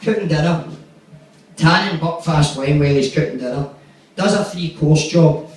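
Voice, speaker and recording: A man's voice: on the high side, normal speed. Sweary man telling stories on a stage. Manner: sweary, rambling anecdote with acted-out quotes. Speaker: stand-up comedian. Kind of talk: stand-up storytelling. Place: comedy club stage. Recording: echoey room from far off.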